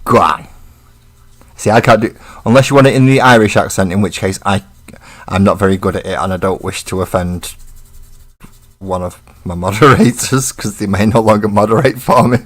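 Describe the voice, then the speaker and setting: Lowish-voiced guy rambling on a hobby stream, laid back but swears at trolls. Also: fairly even intonation, a little fast, fairly bright tone. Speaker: streamer painting miniatures. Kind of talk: casual live-stream chat.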